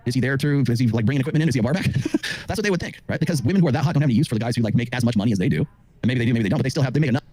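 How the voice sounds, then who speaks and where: Middle-aged man, husky, rapid-fire self-assured podcast monologue. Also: medium pitch, dark tone. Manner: rapid, confident lecturing with many fillers. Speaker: dating commentator on a show.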